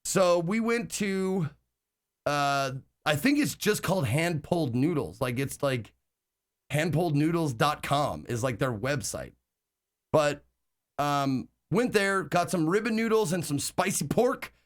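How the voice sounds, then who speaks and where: Male streamer, casual chat, rambling delivery with many fillers and casual swearing, slightly high voice. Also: expressive, measured pace. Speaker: live streamer.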